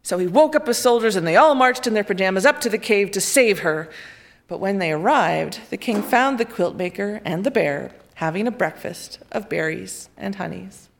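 A woman narrates a children's fairy tale aloud, with expressive, lively storybook delivery. Her voice sits in a mid range. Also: mid-range voice, normal speed, gravelly. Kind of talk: reading a children's picture book aloud.

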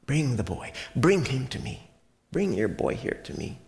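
A man's voice: medium pitch, huge pitch swings, a little slow, vocal fry, a little mellow, exaggerated voice. A man voicing an exasperated teacher who rebukes a faithless crowd and gives commands.

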